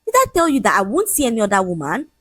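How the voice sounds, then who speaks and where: A woman's voice: medium pitch, huge pitch swings, fairly bright tone, dry recording. A woman voicing an arrogant, dismissive young man who mocks and lectures his fiancée. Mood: mocking. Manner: mocking, lecturing, raised and quick.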